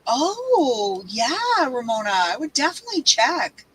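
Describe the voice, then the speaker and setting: An older woman's high-pitched, somewhat bright voice swings widely in pitch at a measured pace as she hosts a craft livestream. She rambles casually, unpacks and shows supplies, and welcomes viewers by name. The low-quality recording carries a little hiss or hum.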